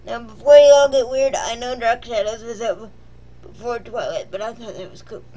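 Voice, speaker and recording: A woman's voice: on the high side, fairly even intonation, normal speed, dark tone. A woman vlogger casually recapping a film in a rambling, joking, self-deprecating way.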